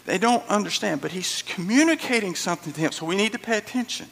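A man preaching with a high, swooping voice that carries a husky, gravelly edge. He repeats phrases for emphasis and acts out little quotes. The sound rings with the long reverb of a big hall. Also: very animated, moderate pace, pushed and bright. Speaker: pastor. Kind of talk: sermon.

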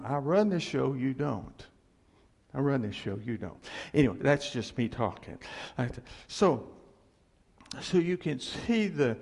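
A man's voice: a little high, gravelly, breathy edge. A man preaching a sermon in a loose, conversational way, chuckling and repeating his key phrases. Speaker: pastor. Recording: long hall reverb.

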